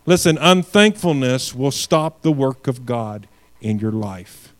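A man preaches a sermon at a mid pitch. He reads scripture aloud and presses his points with rising, emphatic force, then drops back to a quieter tone. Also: normal speed. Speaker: pastor.

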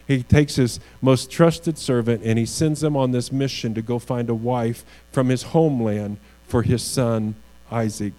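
Pastor guy preaching, mellow dark voice, earnest, some hum in the background. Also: medium pitch, fairly even intonation, a little slow, poor audio. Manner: earnest, repeats words, rising emphasis on key phrases. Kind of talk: sermon.

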